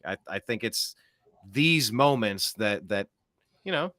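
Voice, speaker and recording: A man's voice: fairly low pitch, lively intonation, slow, sharp tone, no echo. A man hosting a political talk show, ranting in an emphatic, sarcastic way. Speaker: host.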